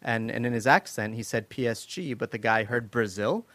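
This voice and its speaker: A man's voice: medium pitch, normal speed, fairly bright tone, dry recording. A man hosting a casual podcast chat, telling stories loosely with lots of fillers and laughs. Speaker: podcast host.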